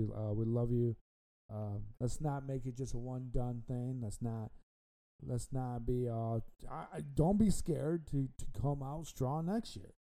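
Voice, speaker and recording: A man's voice: mid-range voice, dark tone, poor audio. A man hosting a casual sports podcast, rambling and repeating himself with frequent ums. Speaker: podcast host.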